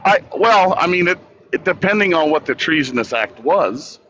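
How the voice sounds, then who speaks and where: Bright-voiced man on a dull, hissy line. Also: fairly high pitch, lively intonation. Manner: halting, restarts, thinks aloud. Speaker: guest debater. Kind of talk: casual debate chat.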